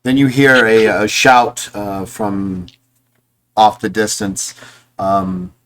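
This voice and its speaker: Low-voiced man running a tabletop game. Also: steady tone, fairly bright tone, slight background noise. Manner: hesitant, many restarts and fillers; puts on quick voices for soldiers. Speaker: game master.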